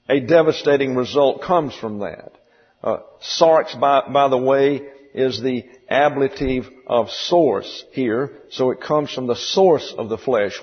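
Husky-voiced preacher, folksy and wry. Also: male voice, medium pitch. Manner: folksy, digressive, dryly humorous. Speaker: pastor. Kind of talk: expository sermon. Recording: dull, distant, hall echo.

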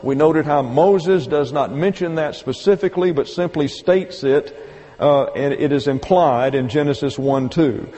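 A male Bible teacher works through his point step by step, slowing to stress each quoted phrase. His voice sits a little high but sounds mellow and dark. A long reverb from the hall trails behind him. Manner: methodical, step-by-step explaining, slow emphatic quoting. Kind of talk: evening Bible lesson.

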